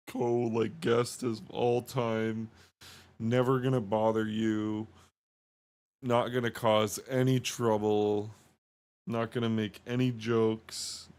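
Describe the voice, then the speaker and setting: A man's voice: fairly low pitch, darkish tone. A man streaming, casually commenting on a comedy clip in an offhand way with swearing.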